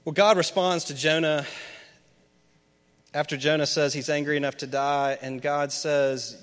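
A man from Memphis with a somewhat high, bright, forceful voice preaches a chatty sermon. He keeps asking the congregation questions, and his words ring out with a long reverb across a big church hall. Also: moderate pace. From Memphis, USA. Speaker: pastor. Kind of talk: conversational sermon.

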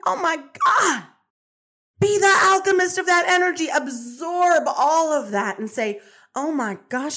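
Woman host, upbeat pep-talk monologue, repeats herself, swears freely, slightly high voice. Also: a bit bright. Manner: preachy, repetitive, swears casually. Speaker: podcast host and manifestation coach. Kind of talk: energetic motivational monologue.

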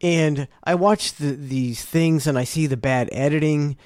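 A man's voice: a little high, unhurried, a little mellow, dry recording, studio quality. A man co-hosting a casual podcast, rambling with many restarts and laughing easily. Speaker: podcast co-host. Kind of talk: casual chat.

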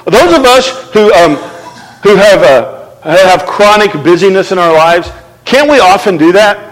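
A male pastor preaching a sermon in an animated, conversational way, asking the crowd to respond. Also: high voice, measured pace, long reverb tail, rough recording.

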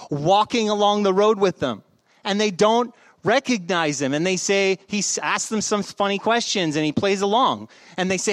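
A man preaching a sermon in a relaxed, conversational way, telling stories with humor. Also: sits high, no echo. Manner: conversational, joking storyteller. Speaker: pastor.

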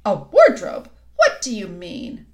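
A woman reading a storybook aloud and voicing a haughty, stern queen who commands slowly and loudly. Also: medium pitch, huge pitch swings. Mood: imperious. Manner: commanding, slow and loud with sudden sweetness.

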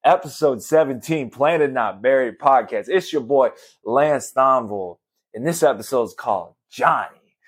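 A man's voice: mid-range voice, moderate pace, slightly rough. Upbeat man telling a story. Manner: energetic, conversational, lots of fillers like "man" and "you know". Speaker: podcast host. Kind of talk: casual storytelling monologue.

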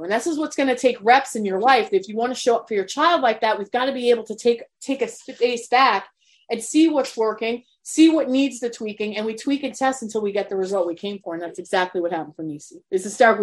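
A woman's voice: a little high, fast talker. A woman coaching parents in a live webinar, talking in an earnest, motivational way and swearing openly. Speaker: potty training coach.

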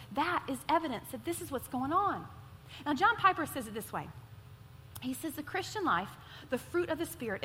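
Woman preacher, high and bright, animated storyteller, sermon in a reverberant hall. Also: a little hiss or hum. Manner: animated storytelling, repeats words for emphasis. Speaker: pastor. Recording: hall reverb with faint ambience.

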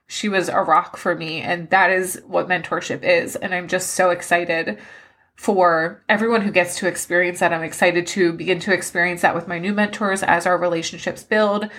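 A woman with a fairly low voice hosts a personal podcast, talking in an openly emotional, heartfelt way. Her delivery is loose and rambling, with "like" scattered through her sentences. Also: fairly even intonation, normal speed, a bit bright. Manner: rambling, with many "like" fillers. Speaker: podcast host. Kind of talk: personal life-update podcast monologue.

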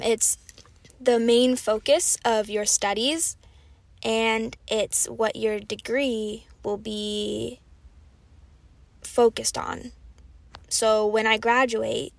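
Slow-talking young American woman host. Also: a little high, vocal fry, no room sound. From United States. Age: 20s. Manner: chatty and self-deprecating, with soft asides. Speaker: podcast host. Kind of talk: slow, clear podcast talk for learners.

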